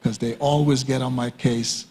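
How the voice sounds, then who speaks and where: A man's voice: medium pitch, steady tone, normal speed, darkish tone, slightly rough. An older man teaching at a church leadership conference, in a conversational style with joking asides. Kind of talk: teaching talk. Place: church hall. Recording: long hall reverb.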